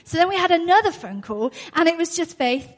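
A woman's voice: very high voice, lively intonation, fairly quick. A woman preaching a sermon in an earnest way, repeating her key phrases and laughing often. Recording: long hall reverb.

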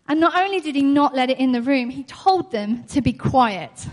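High-voiced woman preaching in a reverberant hall. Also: expressive, normal speed. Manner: earnest, repeats key phrases, laughs often. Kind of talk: sermon.

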